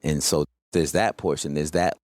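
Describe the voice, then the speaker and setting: A man guesting on an interview, telling stories in a relaxed way and often asking "you know what I mean". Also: rumbling low, normal speed, no echo, clean studio sound. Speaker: guest, coach. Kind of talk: casual interview storytelling.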